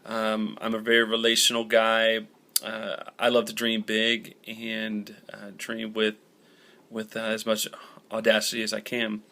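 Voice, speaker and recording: A man's voice: fairly low pitch, monotone, a little slow, bright, forceful tone. A young man giving an upbeat, conversational Bible lesson in a storytelling manner. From Southern United States. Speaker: Bible teacher.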